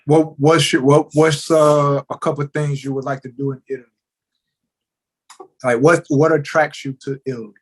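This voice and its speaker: A man's voice: fairly high pitch, little pitch movement, normal speed. A man co-hosting a podcast in casual chat, making earnest points and often repeating words as he gets going. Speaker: podcast co-host.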